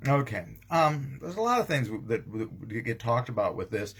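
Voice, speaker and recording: A man's voice: mid-range voice, sing-song, normal speed, a bit bright. A man, a pastor, giving a casual daily devotional talk, rambling with frequent ums and restarts. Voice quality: gravelly, husky.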